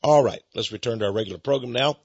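A man with a Texan accent hosting religious radio talk, booming and prone to impassioned rants. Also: rapid-fire, a little mellow, slightly rough, dry recording. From Texas. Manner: booming, gets carried away into impassioned rants. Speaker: radio host. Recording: dull lo-fi radio broadcast.

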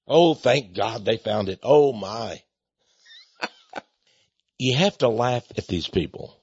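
A man's voice: mid-range voice, lively intonation, slow, darkish tone, breathy edge, no room sound. A man preaching a mocking, sarcastic monologue from his ministry. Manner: sarcastic, mocking, laughs scornfully. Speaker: ministry speaker. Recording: dull lo-fi recording.

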